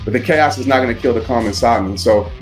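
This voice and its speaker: A man's voice: mid-range voice, fast, soft background music. Earnest man telling a personal story. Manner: earnest and reflective, with vivid retelling. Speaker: motivational speaker, guest. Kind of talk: personal storytelling in a podcast interview.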